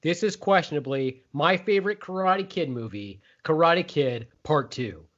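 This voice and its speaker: A man's voice: on the high side, animated, normal speed, fairly bright tone. Playful, teasing podcast host man. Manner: playful, teasing, hypes up the crew. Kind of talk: casual chat. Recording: dull lo-fi podcast audio.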